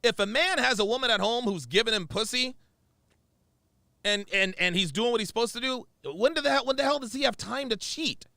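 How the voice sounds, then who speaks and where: A man's voice: very high-pitched, fairly quick, gravelly, bright, forceful tone, dry recording, studio quality. A man giving heated, profane, sarcastic reaction commentary as the show's host.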